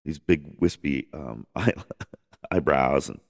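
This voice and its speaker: A man's voice: a bass voice, slow pace, gravelly. A man hosting a casual music podcast, rambling enthusiastically with lots of restarts and the odd swear. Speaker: podcast host.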